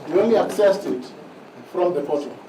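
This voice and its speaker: A man, an advocate making a formal submission in court, measured and deliberate, often addressing the bench and slowing down for emphasis. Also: high voice, lively intonation, a crowd in the background. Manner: formal, measured, repeats "my lords" and slows to stress points. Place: large courtroom. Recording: echoey courtroom heard from a distance with noise.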